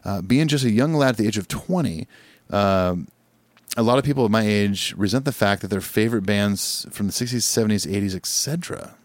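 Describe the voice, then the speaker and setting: A man co-hosting a podcast in casual chat, reading a listener email aloud, stumbling and filling pauses as he goes. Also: lowish voice, no echo. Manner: chatty, stumbling over words, frequent fillers. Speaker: podcast co-host.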